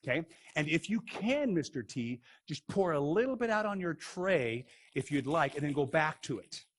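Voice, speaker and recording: A man teaching a playful science demo for kids, goofy and excitable, joking as he goes. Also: fairly high pitch, normal speed, slight background noise.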